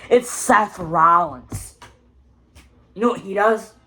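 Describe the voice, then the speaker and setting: A woman reviewing a wrestling show in a casual video, with a rambling, excitable recap full of "you know" and "like". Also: medium pitch, takes it slowly.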